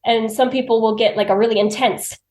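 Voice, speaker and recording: A woman with a fairly high, steady voice talks briskly with a slightly mellow tone, sharing personal stories as a podcast guest. She's chatty, laughs often, and acts out what she said to herself in conversational storytelling. The recording has a roomy echo.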